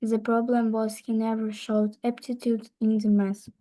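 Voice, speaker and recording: A woman learner reads grammar examples aloud over a video call, stopping and restarting on harder words. Her voice is fairly high but flat and mellow, and she moves very slowly. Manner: hesitant, halting, stumbles on words. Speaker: English learner. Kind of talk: reading aloud in a lesson.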